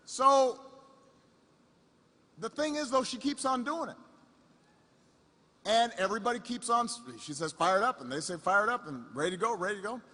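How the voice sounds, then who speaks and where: Man, 50s, politician storytelling in a campaign speech; high voice, long hall reverb, halting repetitions. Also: expressive, pushed and bright. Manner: halting, repeats words and phrases for effect. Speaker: politician at a rally.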